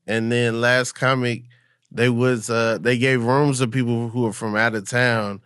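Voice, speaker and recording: A male podcast host in casual chat, relaxed and slangy, often giving short replies. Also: mid-range voice, a little slow, clear, resonant tone, no echo, clean studio sound.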